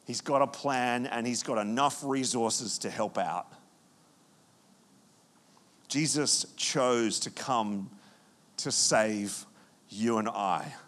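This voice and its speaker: A man preaching a sermon, with animated storytelling and frequent restarts. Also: mid-range voice. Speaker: pastor.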